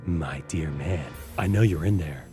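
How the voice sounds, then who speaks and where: A man voicing a sinister male stalker who whispers slowly in a sing-song tone. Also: very deep voice, music in the background, voice pushed down. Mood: menacing.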